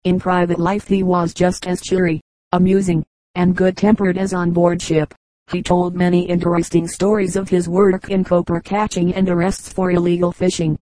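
A woman reading a storybook aloud in a steady narrating manner. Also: lowish voice, normal speed, no echo, low-quality recording. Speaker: audiobook reader. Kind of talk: scripted narration.

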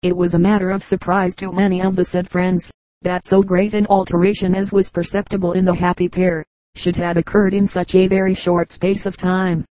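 A woman reading a Victorian novel aloud as an audiobook narrator, in a measured, even manner. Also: on the low side, dry recording, low-quality recording. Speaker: audiobook reader.

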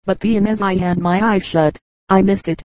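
A woman's voice: medium pitch, steady tone, darkish tone, dry recording, lightly acted, rough recording. A woman reading the lines of a folksy old sailor with dry humor in a comic anecdote. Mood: wry. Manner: folksy, unhurried.

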